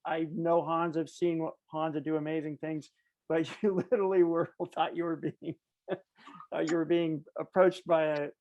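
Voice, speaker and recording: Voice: mid-range voice, little pitch movement, lo-fi sound. A webinar host chatting casually and enthusiastically on a video call. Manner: enthusiastic, quick affirmations. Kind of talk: casual interview chat.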